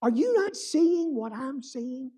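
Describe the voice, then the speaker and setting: Brief: preacher putting on a friend's voice: high, incredulous, insistent. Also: male voice, expressive, takes it slowly, mellow, exaggerated voice. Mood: urging. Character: excited, disbelieving male friend of a musician.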